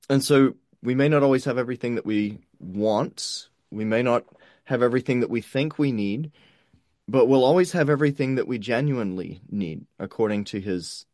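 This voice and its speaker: A man's voice: mid-range voice, a little mellow, no echo, studio quality. A man preaching a sermon in a conversational way, often checking in with the listeners and repeating words as he goes. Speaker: pastor.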